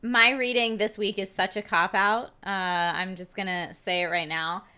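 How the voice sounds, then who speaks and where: A woman's voice: mid-range voice, fairly even intonation, moderate pace, sharp tone, clear, resonant tone. A woman co-hosting a casual chat, talking frankly and with self-deprecating humor. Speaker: co-host.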